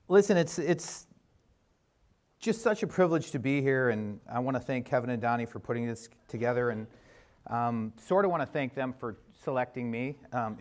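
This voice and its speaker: A middle-aged man giving a chatty, self-deprecating conference talk on a theater stage, with fillers and restarts. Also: mid-range voice. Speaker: conference speaker.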